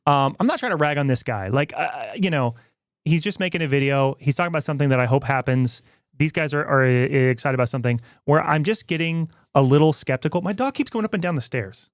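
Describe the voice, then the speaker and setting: A man's voice: fairly high pitch, expressive, fast, no room sound, studio quality. A man hosting a casual stream, rambling and skeptical, with frequent restarts and jokes. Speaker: streamer host.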